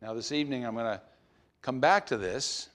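A pastor delivers a sermon during a church service, moving purposefully between loudly stressed words and quiet, low-pitched phrases.

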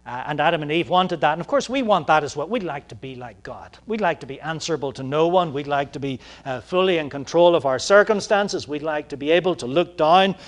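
Halting, emphatic male preacher. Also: a little high, expressive. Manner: halting, many "uh" fillers, rising emphatic moments. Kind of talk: sermon.

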